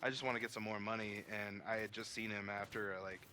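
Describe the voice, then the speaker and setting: A man's voice: fairly low pitch, little pitch movement, fast talker, bright, forceful tone. A man chatting casually on a livestream, swearing as he tells stories about work and acts out both sides of the conversations.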